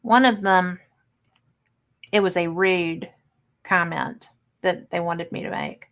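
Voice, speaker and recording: A woman's voice: on the low side, fairly even intonation, fairly bright tone. A woman hosting a casual chat, talking reflectively and laughing easily. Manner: chatty, reflective, quick to laugh. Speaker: host.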